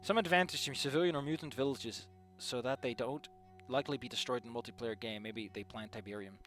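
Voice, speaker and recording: A young man reading fan fiction aloud and ranting about it, with animated, sweary, exasperated outbursts. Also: medium pitch, fast talker, faint music behind.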